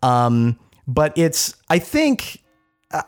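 A man's voice: on the high side, huge pitch swings, extremely slow, soft background music. A man co-hosting a casual talk podcast, explaining a news story with frequent fillers, restarts and wry asides. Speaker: podcast co-host. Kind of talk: casual chat.

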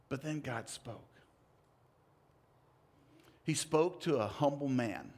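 A man preaching a sermon, telling a story dramatically with big swings in pitch and loudness. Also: animated, takes it slowly, long pauses, husky.

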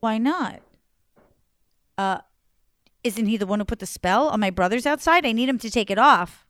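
A woman voicing a nervous young prince who stammers in a high, loud voice. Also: animated, normal speed, no room sound, studio quality.

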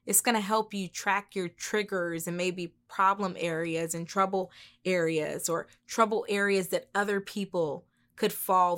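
Encouraging woman podcast host. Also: fairly low pitch. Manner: warm, encouraging, repeats phrases for emphasis. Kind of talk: casual motivational podcast chat.

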